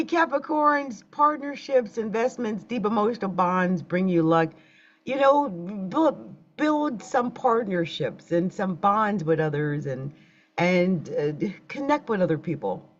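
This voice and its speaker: Taking it slowly, a woman with a mid-range voice and lively intonation chats straight to the viewers of her casual astrology livestream. Technical hiccups fluster her, and the recording has a dull, lo-fi quality.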